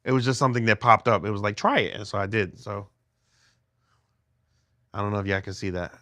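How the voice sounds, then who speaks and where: A man's voice: fairly low pitch, fairly even intonation, a little fast, pushed and bright, no room sound. A middle-aged man livestreaming from a phone held in his hand at home, chatting with viewers in a rambling way with many restarts. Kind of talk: casual livestream chat with viewers.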